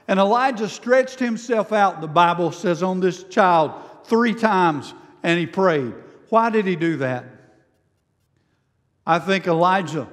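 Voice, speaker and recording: A man preaching a sermon as pastor. He slows down and lifts his voice on quoted prayers. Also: sits high. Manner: preaching with rising emotion, slowing down on quoted prayers. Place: church sanctuary. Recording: reverberant church sanctuary.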